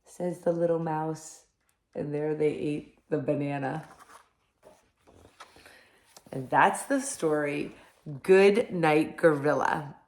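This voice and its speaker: A woman reads a picture book aloud to small children as their teacher. She speaks slowly in a somewhat low voice and keeps pausing to ask the children questions. The room gives her voice a noticeable echo. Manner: gentle, animated, talks to children and asks them questions. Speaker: kindergarten teacher reading aloud. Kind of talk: children's storybook read-aloud. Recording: echoey room.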